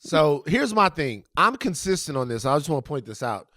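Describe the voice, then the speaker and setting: A man's voice: fairly high pitch, very animated, normal speed, sharp tone, dry recording, clean studio sound. A man co-hosting a podcast in casual, joking chat, sometimes talking while eating. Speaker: podcast co-host.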